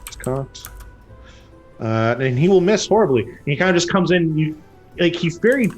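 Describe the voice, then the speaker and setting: Animated male game master over faint music. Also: moderate pace. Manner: lively, acts out characters with loud jumps in pitch. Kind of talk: narrating a tabletop game.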